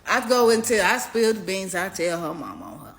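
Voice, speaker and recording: A young woman telling a personal story in a casual storytime video, animated and profane, swinging between loud outbursts and low mutters. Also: fairly quick, gravelly. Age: young adult.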